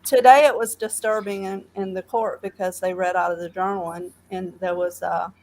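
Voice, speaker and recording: On a poor recording with some hiss or hum, a Southern-accented woman with a fairly low, steady, darkish voice phones in to a live stream. Her casual talk is earnest and halting, full of fillers and false starts.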